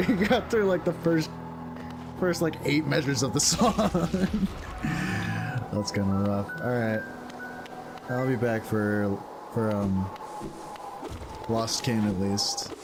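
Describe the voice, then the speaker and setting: A man's voice: mid-range voice, slow pace, long pauses. Laid-back young man streaming a game. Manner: laid-back and jokey, with sudden excited yelps and laughs. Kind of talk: casual gameplay commentary. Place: home streaming room. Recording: game music behind.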